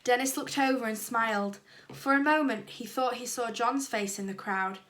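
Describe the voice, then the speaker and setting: A woman teacher reading a children's storybook aloud with lively, expressive storytelling. Her voice is fairly high and bright, with a clear forward tone. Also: normal speed. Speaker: primary school teacher.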